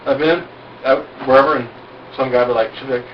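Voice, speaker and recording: Speaking quickly at a medium pitch, a man casually instructs a small group at an outdoor cookout, self-assured and boastful, frank in tone and full of rhetorical questions. Recorded on amateur gear, it sounds distant, dull and roomy with faint hiss or hum.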